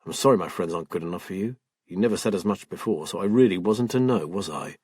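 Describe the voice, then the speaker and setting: Narrator doing a wounded but steady husband, firm and caring, kinda husky. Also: male voice, sits low, quick pace, dry recording. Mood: hurt. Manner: indignant, then firm and caring. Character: hurt, steady middle-aged husband.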